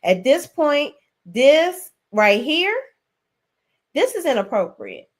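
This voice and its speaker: A woman hosting a casual recap chat, animated, acting out characters' lines in a raised voice. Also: high voice, slow. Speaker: show review host.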